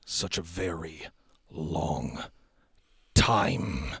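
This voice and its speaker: A menacing undead being with a skull for a face, as a man puts him on in whispered role-play. He gloats in a low, unhurried whisper that drags every word. The sound is close and dry, with no room around it. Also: creaky, a bit bright, husky, no room sound, heavily acted. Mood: gloating. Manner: slow, drawn-out whisper.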